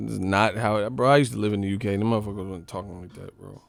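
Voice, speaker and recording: A man's voice: fairly low pitch, fairly even intonation, quick pace, gravelly, hardly any pauses, no echo. A man hosting a boxing channel, ranting casually on a live stream in a profane, mocking, rambling way.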